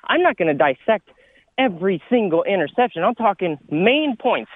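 A man calling a sports radio show from California, out of breath and arguing his points in an animated way. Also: high voice, dry recording. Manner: animated, argumentative, rapid points. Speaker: caller. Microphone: phone. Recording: tinny phone line.

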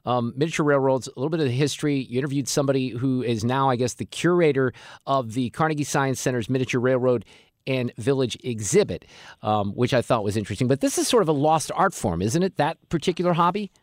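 A man hosting a radio interview, talking to his guest in a quick, conversational way. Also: medium pitch, dry recording, clean studio sound. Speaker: radio host. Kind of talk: casual interview.

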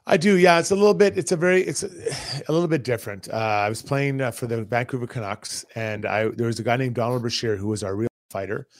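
A man who used to play pro hockey, co-hosting a radio show and telling an animated locker-room story. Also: medium pitch, fast, no echo. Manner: animated, acts out quotes. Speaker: co-host, former hockey player. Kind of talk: casual storytelling.

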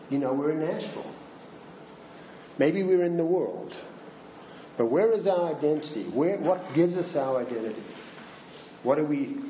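Guy preaching slow, lots of questions, echoey church sound with a bit of hiss. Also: on the high side, highs cut off. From Minnesota. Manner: slow and deliberate, with rhetorical questions. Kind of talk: sermon.

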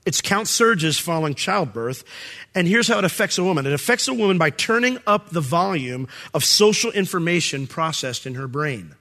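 A middle-aged male pastor preaching a sermon, animated and quick to act out voices, with plenty of fillers and restarts. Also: on the high side.

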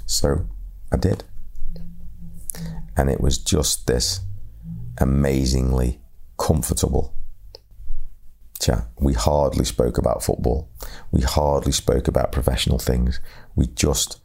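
A man with an extremely deep, gravelly voice speaks slowly in a flat, even tone. He tells a reflective story, often stalling and repeating words as he feels his way forward. His voice has a dark, mellow color. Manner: halting, repeats words, slow and measured. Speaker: speaker sharing lessons on leadership.

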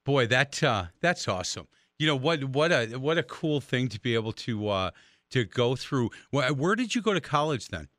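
A male radio host with a bright, crisp voice and a dry, close sound. He tells stories in an animated way and restarts his sentences often. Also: medium pitch, normal speed, no room sound. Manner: animated storyteller, many restarts. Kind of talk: conversational radio interview.

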